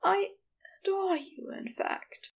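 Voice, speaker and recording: A woman reading a story aloud, voicing a tender, flustered male angel in a soft, breathy, earnest way. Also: very high voice, sing-song, takes it slowly, voice pushed up, full character voice.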